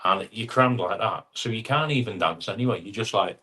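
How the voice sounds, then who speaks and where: A man's voice: fairly low pitch, a little fast, sharp tone. A middle-aged man, hosting a casual live chat and greeting viewers by name as he reads their comments. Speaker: live stream host.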